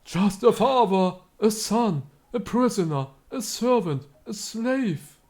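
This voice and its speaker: A man's voice: high-pitched, animated, takes it slowly, a little mellow. An actor playing an entranced man channeling a tormented spirit, with theatrical, anguished pleading.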